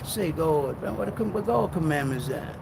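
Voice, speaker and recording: A man preaching a sermon in a loud, fiery way, swinging between shouting and low muttering. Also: animated, moderate pace, vocal fry, noisy background. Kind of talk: street-style sermon.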